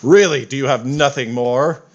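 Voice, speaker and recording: A man's voice: medium pitch, moderate pace, muffled recording, pitched above the performer's own voice, close to an everyday voice. A man doing a pompous boastful villain god. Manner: grandiose, theatrical declaiming.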